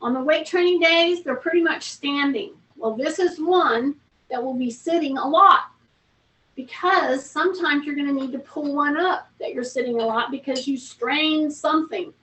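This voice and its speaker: A woman's voice: sits high, normal speed, bright, forceful tone, far from the mic. A woman fitness instructor leading a seated strength class at home, coaching in a chatty way and calling out breaths and reps. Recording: roomy, from off-mic, faint noise.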